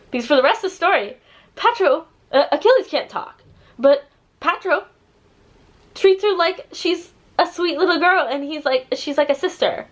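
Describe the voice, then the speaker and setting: A woman's voice: high-pitched, poor audio. A woman ranting through a book review in casual chat, sarcastic and full of swearing, acting out characters' lines. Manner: sarcastic, swears a lot, animated quoting.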